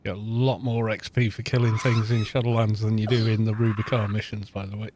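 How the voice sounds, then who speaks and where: A man's voice: fairly low pitch, flat delivery, fairly quick, noisy background. A middle-aged Welsh man chatting casually and rambling as he streams a game, poking fun at himself. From Wales. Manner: self-mocking, rambling, chatty. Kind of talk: casual gameplay chat.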